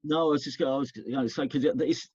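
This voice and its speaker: A man's voice: medium pitch, fairly even intonation, fast talker, darkish tone, husky, no echo, highs cut off. A man, casually reminiscing as a guest and rambling with restarts. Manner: rambling, self-interrupting storyteller.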